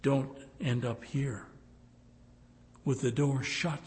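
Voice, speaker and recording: A man preaching a sermon, pleading with his listeners and rising to loud appeals. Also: medium pitch, fairly even intonation, takes it slowly. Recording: long hall reverb.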